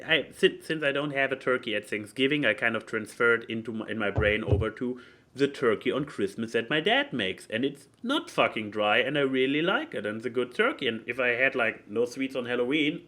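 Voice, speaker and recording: Bright-voiced man who stumbles over his words. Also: medium pitch. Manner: stumbling, restarts often, laughs easily. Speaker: podcast host. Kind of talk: casual chat.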